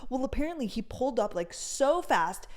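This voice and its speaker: A young woman hosting a podcast, telling a story in a chatty, animated way and saying "like" a lot. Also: on the high side, normal speed. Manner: chatty, heavy on "like," animated retelling. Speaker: podcast host. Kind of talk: casual storytime chat.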